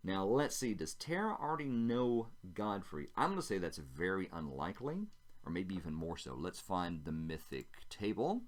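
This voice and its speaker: A man's voice: low voice, very animated, normal speed. A man narrating a solo tabletop role-playing game, chatting casually and thinking aloud as he rolls dice.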